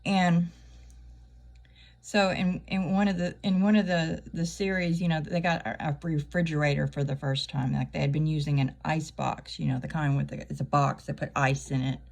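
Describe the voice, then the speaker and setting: A woman's voice: deep voice, level tone, moderate pace, gravelly, a little mellow. A middle-aged woman, hosting her channel with a wry, chatty comedic monologue and laughing at her own jokes. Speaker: channel host.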